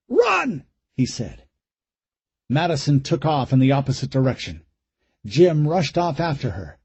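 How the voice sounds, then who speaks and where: A man's voice: mid-range voice, warm tone, slightly rough, dry recording. A man reading a horror audiobook aloud in a dramatic, suspenseful way. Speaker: audiobook narrator. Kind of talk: scripted narration.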